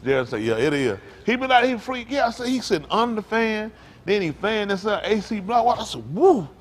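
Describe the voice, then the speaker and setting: A man's voice: high-pitched, brisk. A man, a pastor preaching in an informal, joking way. He laughs, teases the congregation and keeps asking "isn't that right?". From United States. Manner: animated, laughing, teasing the congregation. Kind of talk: informal joking sermon talk.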